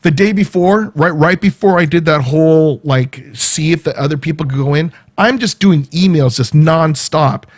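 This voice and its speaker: A man's voice: a little high, moderate pace, few pauses. A middle-aged man hosting his own vlog, talking in a loose, rambling way with many fillers and restarts. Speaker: vlog host. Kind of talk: casual rambling monologue.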